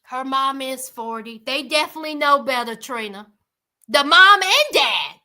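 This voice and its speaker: High, bright-voiced woman chatting slowly. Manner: animated, exclaiming, addresses viewers by name. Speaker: livestream host. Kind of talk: casual commentary chat with viewers.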